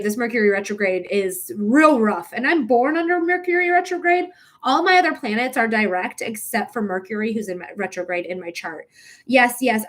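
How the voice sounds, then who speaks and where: On her tarot live stream, a woman close to tears gushes her gratitude to viewers, dropping casual curses along the way, her voice a little high and her state tearful.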